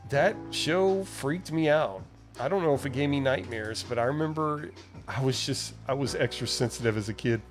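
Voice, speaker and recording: Slow-talking livestream host. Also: male voice, medium pitch. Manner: rambling, reads viewer chat aloud and answers it. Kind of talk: casual live chat while using a computer.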